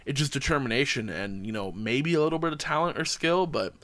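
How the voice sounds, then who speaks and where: Bright-voiced podcast guy, rambling and swearing through a story, casual chat. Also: mid-range voice, a little fast. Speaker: podcast host.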